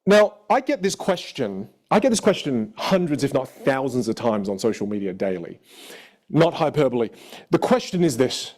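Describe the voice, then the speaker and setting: An Australian man in his thirties teaches from a stage with a playful, emphatic energy. His pitch swings widely as he leans into key points, sounding lively and animated. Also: moderate pace. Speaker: voice and communication coach.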